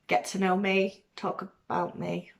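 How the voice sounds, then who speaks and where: A woman from Manchester with a softened Mancunian accent, chatting casually to camera as a vlogger, rambling with ums and laughs. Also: medium pitch, little pitch movement, a little slow, creaky. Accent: weakened Mancunian, softened by years in Cornwall. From Manchester, England.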